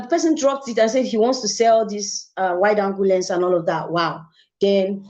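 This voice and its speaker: A young Nigerian woman, a photographer, telling her story in an interview with lively, expressive delivery, slipping into Pidgin and laughing as she goes. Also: a little high, muffled recording. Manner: animated storytelling with Pidgin phrases and bursts of laughter. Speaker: photographer guest.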